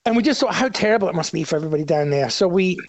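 Casting: Australian man, 60s, rapid and high-voiced, eager rambling interview guest. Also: lively intonation, dry recording. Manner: eager, rambling, many restarts. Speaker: guest musician. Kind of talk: radio interview chat.

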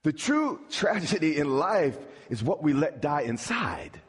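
A man's voice: a little high, sing-song, a little slow. A middle-aged man preaching a sermon as pastor, emphatic, with call-and-response questions to the congregation and stammered repeats. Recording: long reverb of a large hall.

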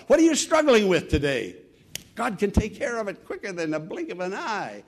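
A male pastor preaching an earnest, emphatic sermon, with frequent restarts. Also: a little high.

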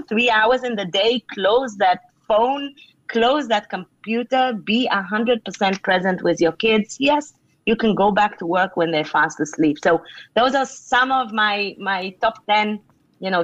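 A middle-aged woman author answering interview questions with earnest, conversational advice, filling pauses with "you know". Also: mid-range voice, no room sound. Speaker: author and leadership speaker. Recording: dull lo-fi sound.

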